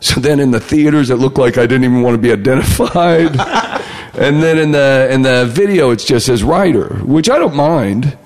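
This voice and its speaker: Gravelly man telling a story. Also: medium pitch, normal speed, in a large hall. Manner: animated, acts out other people's lines. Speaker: comedy writer, guest. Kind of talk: casual storytelling.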